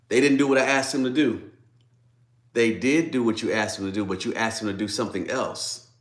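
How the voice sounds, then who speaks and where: A man preaching a daily devotional sermon, emphatic and swinging from loud declarations to hushed asides. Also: medium pitch. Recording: roomy echo.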